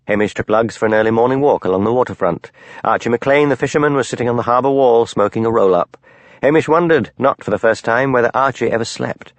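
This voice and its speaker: A man narrating an audiobook with an expressive, varied reading. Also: mid-range voice, fast talker, no room sound.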